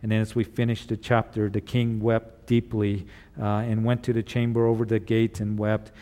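Male pastor, earnest sermon, mellow tone, church reverb. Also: lowish voice, little pitch movement, normal speed. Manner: retells scripture in casual paraphrase with acted voices; earnest, encouraging. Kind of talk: sermon, reading scripture and retelling it.

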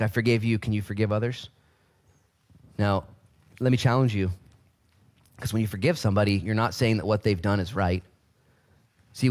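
A man in his thirties preaching a sermon as pastor, with joking asides and acted-out voices. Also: mid-range voice.

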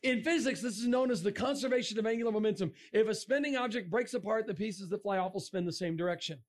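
High-voiced man giving an animated comic talk. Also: fast. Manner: animated, jokey, bursts into shouts. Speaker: speaker. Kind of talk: comic science-and-faith talk to a crowd.

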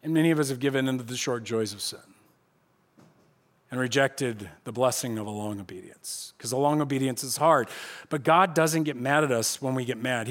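A pastor giving a casual, conversational sermon in a church, animated and shifting between loud emphasis and quiet asides. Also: male voice, medium pitch. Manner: casual, conversational preaching with slang.

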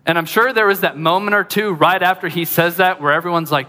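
A man preaching a sermon as pastor, lively and conversational, with joking asides to the congregation. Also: sits high, quick pace, in a large hall.

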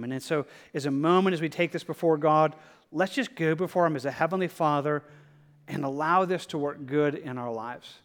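A man preaching a sermon as pastor, earnest and repetitive, often dropping to a soft, gentle tone. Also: a little high. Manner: earnest, repetitive, drops to soft tones for quoted prayer.

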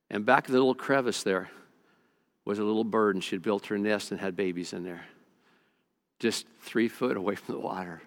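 A man's voice: mid-range voice, normal speed, gravelly. Earnest male pastor preaching a sermon. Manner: earnest storytelling with repeated stammered restarts.

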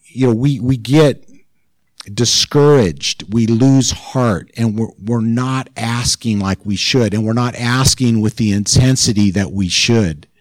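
In an unhurried, mid-range voice, a man preaches in a loose, chatty way, and his intensity rises as he drives toward a point. It's a conversational sermon, captured in a dry, rough recording.

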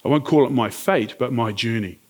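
A man's voice: medium pitch, brisk. A middle-aged man preaching a sermon, earnest and conversational, telling a personal story and asking the congregation questions. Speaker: pastor.

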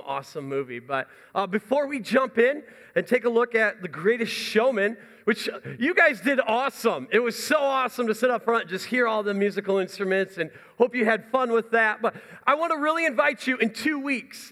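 Young male pastor, high voice, enthusiastic and rambling, church announcements, long hall reverb. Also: bright, forceful tone. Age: young adult. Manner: enthusiastic, chatty and rambling with restarts. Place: church sanctuary.

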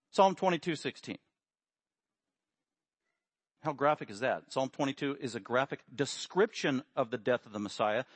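A man preaching a sermon, animated, acting out quotes with sudden loud emphasis. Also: mid-range voice, normal speed, pauses often, slightly rough, dry recording. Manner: acts out quotes with raised voice.

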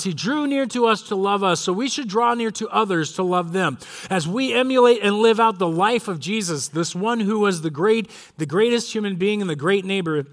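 A man's voice: high-pitched, fairly bright tone. A male pastor preaching a sermon in an earnest, emphatic way, drawing out key phrases.

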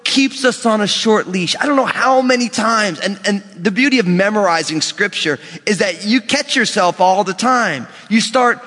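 Man, pastor, animated sermon, high-pitched, long reverb. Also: moderate pace, few pauses. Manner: animated preaching, acting out quoted voices.

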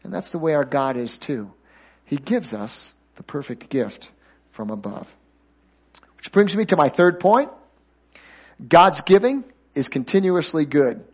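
Animated pastor preaching a lively sermon. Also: male voice, unhurried, pauses often, slightly rough. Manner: animated, calls for congregation responses; drops to a soft low voice at key points. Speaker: guest pastor.

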